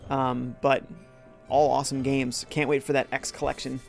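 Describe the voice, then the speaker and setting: A man's voice: medium pitch, flat delivery, normal speed, creaky, faint music behind. A man live-streaming a retro game, chatting casually, reading viewer comments aloud and joking along. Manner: upbeat, reads chat comments aloud and jokes.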